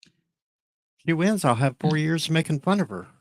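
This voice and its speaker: A man's voice: fairly high pitch, animated, normal speed, dry recording. A man chatting casually on a live-stream voice call, making dry, wry remarks.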